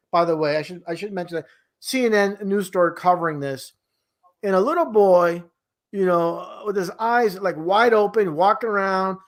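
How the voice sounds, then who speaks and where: A man talking casually and at length, rambling with many restarts and an incredulous tone. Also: high voice. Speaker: guest. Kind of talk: casual conversation.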